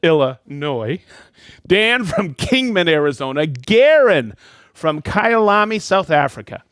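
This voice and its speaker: A man's voice: high-pitched, big pitch swings, unhurried, fairly bright tone, no room sound. Upbeat man hosting a live stream. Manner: upbeat, jokey, reading names and places aloud. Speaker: host of a live product show. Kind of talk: livestream shout-outs to viewers.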